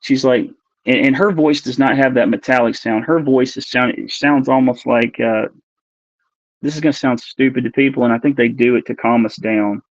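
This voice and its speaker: A man in his forties, a guest earnestly recounting a personal experience in a halting way as he searches for words. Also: mid-range voice, steady tone, no echo. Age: 40s. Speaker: podcast guest. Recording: dull, lo-fi dry recording.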